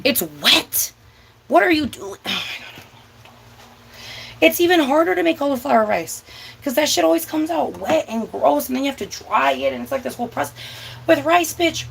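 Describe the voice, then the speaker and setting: A woman's voice: high voice, vocal fry, husky, low-quality recording. A young woman hosting a cooking vlog, ranting bluntly and with lots of swearing, sometimes stretching her words out for emphasis. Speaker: vlog host. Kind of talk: casual ranting chat while cooking.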